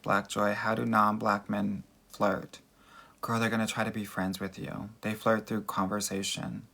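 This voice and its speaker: Gravelly-voiced man with Valley Girl manner. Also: fairly low pitch, level tone, measured pace, bright, forceful tone. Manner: chatty, calls viewers girl and honey. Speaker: dating coach. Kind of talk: livestream Q&A answering chat comments.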